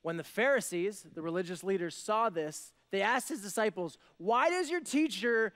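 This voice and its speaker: A young pastor with a high, light voice preaches in a loose, chatty way. He keeps checking in with "right?" and slips into quick character voices to act out the story. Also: expressive, a bit bright. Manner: conversational, acts out voices of biblical characters, many "like" and "right?". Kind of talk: sermon.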